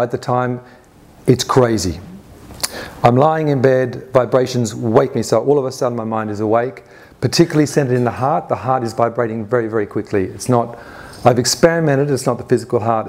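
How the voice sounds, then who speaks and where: A man's voice: medium pitch, darkish tone. Earnest man telling a personal story on stage. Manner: earnest, recounts events in present tense with inner quotes; frequent restarts and fillers, conversational. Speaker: conference speaker. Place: summit stage before an audience.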